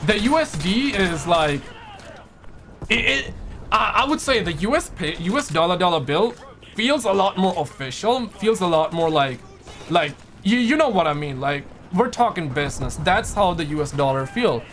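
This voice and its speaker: A man's voice: high voice, moderate pace, slight background noise. A young man from Quebec hosting a casual livestream, chatting loosely and reading viewers' messages aloud. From Quebec, Canada. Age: young adult. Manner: relaxed, chatty, reads chat aloud. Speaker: livestream host.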